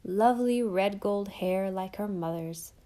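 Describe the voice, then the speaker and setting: A woman's voice: medium pitch, measured pace, mellow, close to an everyday voice. A woman reading as a pleased country doctor.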